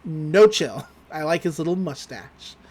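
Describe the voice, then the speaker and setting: A podcast host loosely quoting an excitable, boy-crazy preteen girl. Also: medium pitch, husky. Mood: giddy. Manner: quick, offhand quoting.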